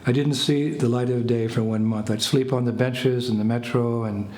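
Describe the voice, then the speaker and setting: An older American man, a spiritual teacher, telling a lively story to a small group. He laughs and acts out phrases as he goes. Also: medium pitch, normal speed. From United States. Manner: animated anecdotes, laughs, acts out French phrases. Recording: echoey room with faint ambient noise.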